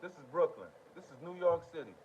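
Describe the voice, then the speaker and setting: A man's voice: on the high side, lively intonation, quick pace. A man hosting a live political commentary stream, talking in a heated, emphatic way and repeating his phrases for effect. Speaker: online commentary host. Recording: muffled lo-fi audio with noise.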